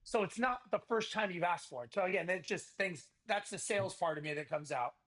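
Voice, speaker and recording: A man talks as a podcast guest in a casual, energetic interview. His voice sits high, and he pitches with a salesman's drive, acting out bits of dialogue as he goes. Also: a little fast. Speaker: podcast guest, event organizer.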